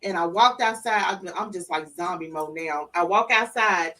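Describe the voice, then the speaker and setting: In a studio interview, a middle-aged guest retells an emotional story with animation, performing the quoted voices of those involved. She has a fairly low pitch and speaks at normal speed, recorded far from the mic in low quality.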